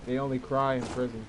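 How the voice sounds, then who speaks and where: A man's voice: medium pitch, background noise. A man giving loose, laughing commentary over a game, repeating himself and talking to a friend. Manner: laughing, repetitive, addresses a friend. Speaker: gaming video host. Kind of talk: casual commentary over gameplay.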